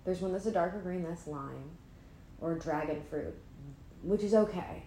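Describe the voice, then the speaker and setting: A woman's voice: fairly low pitch, moderate pace, creaky, warm tone, a little hiss or hum. Sleepy rambling woman in an echoey room. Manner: rambling, self-deprecating, trails off and restarts. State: sleepy, not fully awake. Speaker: vlogger. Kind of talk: casual rambling chat to camera. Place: indoors at home, an apartment. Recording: echoey room with faint ambience.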